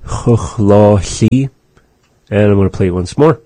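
A man hosting a radio language lesson, slowly and carefully pronouncing phrases and explaining them. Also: low voice, fairly even intonation, warm tone, dry recording. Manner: slow, careful pronunciation drills. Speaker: language teacher and show host.

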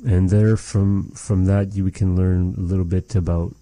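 A man with a low, dark voice gives a language lesson at an unhurried pace. He speaks in a measured way and repeats each phrase so it can be copied. The sound is dry and close. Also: little pitch movement, no room sound. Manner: measured, repeats phrases slowly to model them. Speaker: language teacher.

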